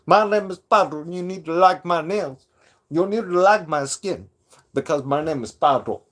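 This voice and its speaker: A vain, preening grown man fussing over his nails, as a streamer puts him on. The voice sits well above his natural pitch, with an affected sing-song lift. It sounds thin and unlike his usual timbre. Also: normal speed, a bit bright, natural voice. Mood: mocking.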